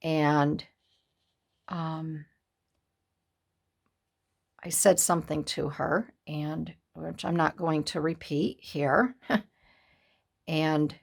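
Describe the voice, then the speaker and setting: A woman in her sixties chatting to camera as a craft vlogger, halting and upset, with many pauses and restarts. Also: low voice, fairly even intonation, creaky, slightly rough. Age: 60s. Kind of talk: casual chat to camera.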